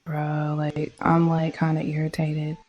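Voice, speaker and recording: Woman trading vlogger, low-pitched voice, cursing, annoyed, slangy casual commentary. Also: monotone, measured pace, dull audio, soft background music. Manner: swearing, irritated, slangy.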